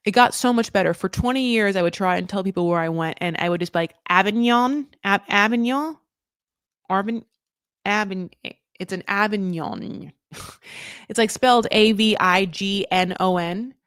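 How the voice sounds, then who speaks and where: A woman from California in her thirties with an alto voice, chatting casually as a podcast host, animated and swearing freely as she laughs and trails off mid-thought. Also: medium pitch, a little fast, smooth, no room sound, studio quality. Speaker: podcast host recapping reality TV. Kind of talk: casual chat.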